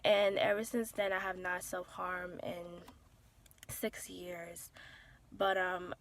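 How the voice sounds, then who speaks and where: A young woman in her twenties, talking softly and hesitantly from inside a car as she shares a personal story, with many pauses and fillers. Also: fairly low pitch, flat delivery. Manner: soft-spoken and hesitant, with frequent "um" and "like". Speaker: vlogger sharing a personal testimony.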